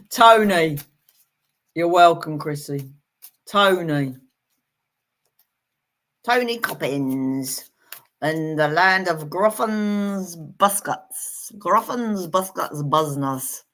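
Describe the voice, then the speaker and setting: A woman working as a psychic medium, giving live-streamed readings to viewers in a gentle, reassuring way with playful asides. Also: low voice.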